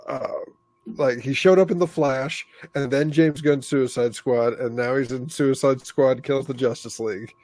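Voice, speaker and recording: A man's voice: medium pitch, fairly even intonation, normal speed, darkish tone, no room sound. A man in casual podcast chat who rambles enthusiastically through his points. His mid-range voice sounds dry and close to the mic. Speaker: podcast co-host.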